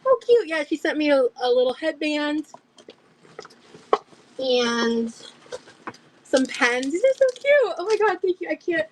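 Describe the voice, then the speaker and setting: A young woman livestreaming as she opens gifts, talking in gushing, breathy exclamations full of fillers. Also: high-pitched, big pitch swings, measured pace, long pauses, noisy background. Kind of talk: casual livestream chat.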